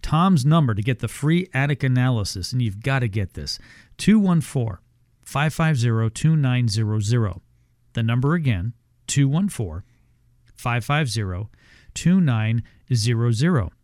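A man's voice: medium pitch, animated, normal speed, darkish tone, no room sound, clean studio sound. A man hosting a radio talk show, chatting with his guest and reading phone-number promos. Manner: conversational, reads call-to-action promos.

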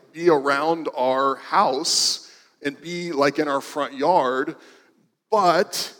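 A man's voice: a little high, a bit bright, big-room sound. A man preaching a sermon in a church, telling stories in a casual, conversational way with frequent restarts. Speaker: pastor. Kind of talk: sermon storytelling.

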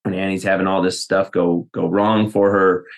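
A man with a deep, low-pitched voice talks through a solo podcast episode. He speaks casually and loosely, with frequent fillers, restarts and asides as he works through his thoughts. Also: flat delivery, normal speed. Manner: rambling, many fillers and restarts. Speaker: podcast host.

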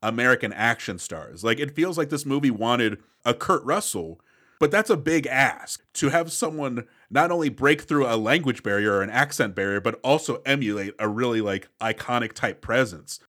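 A man's voice: mid-range voice, expressive, moderate pace, sharp tone. A man co-hosting a movie podcast in casual chat, opinionated, with exasperated asides. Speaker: podcast co-host.

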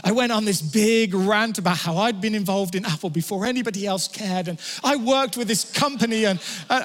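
A man preaching a sermon, telling stories in an animated way and often restarting his words. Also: high voice, brisk, few pauses. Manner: animated storytelling with stammered restarts. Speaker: pastor. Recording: long hall reverb.

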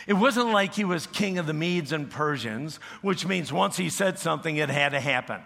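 A male pastor preaching a sermon in a church, telling the story with humorous asides. His voice is bright and slightly high, and it rises and falls widely. He speaks slowly and deliberately. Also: animated, vocal fry.

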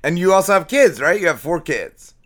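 A man's voice: high-pitched, sing-song, a little fast, fairly bright tone. A man co-hosting a casual podcast interview, swearing freely and laughing often. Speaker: podcast co-host.

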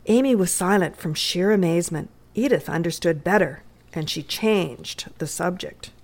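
A woman narrating a classic story in a measured readers' theatre reading. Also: lowish voice.

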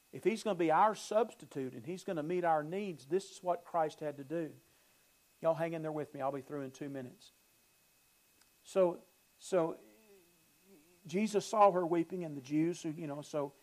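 A man's voice: on the high side, darkish tone, low-quality recording. A male pastor preaching a sermon, emphatic, repeating phrases and building emphasis.

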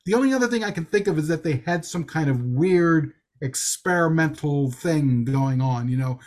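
A man's voice: on the high side, animated, normal speed, a little mellow. A man co-hosting a podcast, giving wry, thoughtful film criticism in casual chat. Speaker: podcast co-host reviewing a film.

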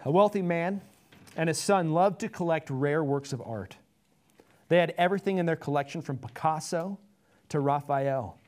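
Earnest preacher telling a story. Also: male voice, on the high side, darkish tone. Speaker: pastor. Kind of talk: sermon.

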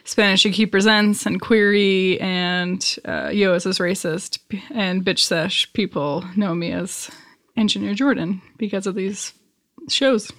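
A young woman audio engineer chats in a flat, monotone way. She keeps her tone even and low-key. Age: young adult. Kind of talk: casual chat.

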